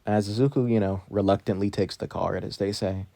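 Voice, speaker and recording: A man telling an improvised fan story, rambling along with loose fillers as he goes. His voice is on the low side and the recording is dry and close. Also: steady tone, fairly quick, vocal fry, few pauses, dark tone, dry recording. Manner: rambling, fillers like kinda and you know.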